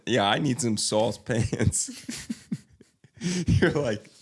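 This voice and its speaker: A man's voice: medium pitch, expressive, very slow, husky. A young man co-hosting a comedy podcast, rambling and laughing as he trails off mid-sentence. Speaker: podcast co-host. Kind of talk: casual comedic banter.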